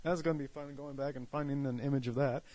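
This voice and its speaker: A man's voice: mid-range voice, fairly even intonation, quick pace, mellow. A man co-hosting a casual review chat in a laid-back, matter-of-fact way. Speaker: co-host.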